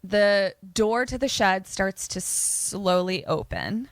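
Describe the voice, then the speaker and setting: A woman co-hosting a casual podcast, retelling a film plot in an animated way with quick asides and laughs. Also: medium pitch, no echo. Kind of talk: casual chat.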